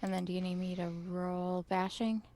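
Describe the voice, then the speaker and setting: A woman's voice: on the low side, flat delivery, normal speed, warm tone. A woman playing a tabletop game, speaking casually and a little hesitantly, with frequent likes and ums. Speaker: player.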